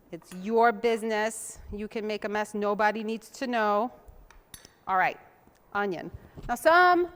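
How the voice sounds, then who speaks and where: A woman's voice: mid-range voice, a bit bright. A young woman hosting a TV cooking show, chatting in a homey way while she chops and mixes. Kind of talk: casual cooking demonstration.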